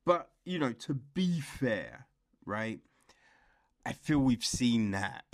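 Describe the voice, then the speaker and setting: A young man speaking slowly and unhurriedly, chatting his way through a book review. His talk rambles and is full of laughs and acted-out quotes. The recording is dry and close, with no room sound. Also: medium pitch, no echo. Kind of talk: casual chat.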